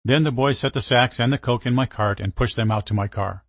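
A man reading a first-person story aloud in steady scripted narration. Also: medium pitch, a little fast, dry recording.

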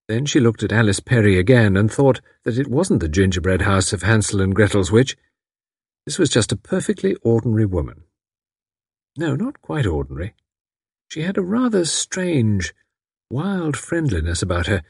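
Husky male storyteller, dry close sound. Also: fairly low pitch, normal speed, dry recording. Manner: expressive storytelling. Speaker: audiobook narrator. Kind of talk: scripted narration.

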